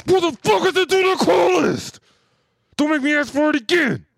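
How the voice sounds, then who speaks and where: A man voicing a masked stickup man who barks threats at high volume. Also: wildly swooping pitch, moderate pace, vocal fry, slightly rough, no echo, studio quality, heavily acted. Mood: menacing. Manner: yelling, threatening.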